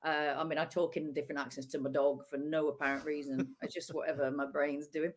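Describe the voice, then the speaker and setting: A woman comedian with a northern English accent, chatting fast and animatedly in a casual conversation. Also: low voice, level tone. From northern England. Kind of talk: casual chat.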